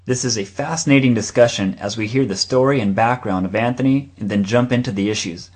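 A man, the podcast host, reading a scripted introduction in an even voice. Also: medium pitch, a little fast. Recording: intro with music behind.

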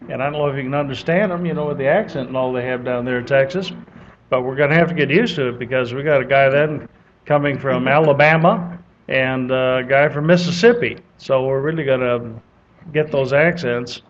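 A man's voice: medium pitch, brisk. A man hosting a church seminar, introducing the next speaker in a teasing, chatty way. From northern United States. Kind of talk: folksy joking introduction. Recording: dull lo-fi audio with faint hiss.

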